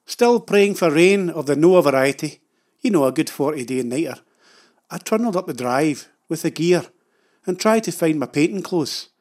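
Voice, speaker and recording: A man's voice: a little high, animated, moderate pace, a little mellow. Wry Scottish man telling a story. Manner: dry, wry, self-mocking. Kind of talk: humorous storytelling narration.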